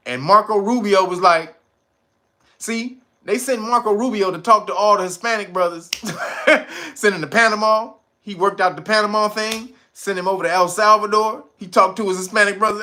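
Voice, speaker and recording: A man's voice: high voice, normal speed, bright, forceful tone. A man hosting a casual livestream, talking in profane street slang, laughing often and answering his viewers' chat. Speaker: livestream host.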